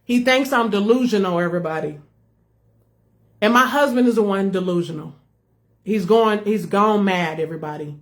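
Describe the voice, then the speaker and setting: Speaking in a mid-range voice at a moderate pace, with frequent pauses, a ministry leader from the United States addresses viewers directly. She shares a heartfelt personal testimony with her followers, often repeating herself.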